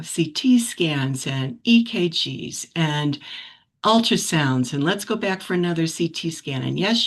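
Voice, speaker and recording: A woman sharing a personal story in a relaxed, reflective way, with many restarts and soft laughs, on a video call. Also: on the low side. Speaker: practice group member sharing a story.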